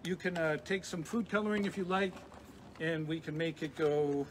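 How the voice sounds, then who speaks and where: High-voiced man explaining chemistry to kids. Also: normal speed. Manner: lively, chatty explainer with frequent restarts. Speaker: chemistry professor. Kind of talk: live science demonstration for kids. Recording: noisy background hiss.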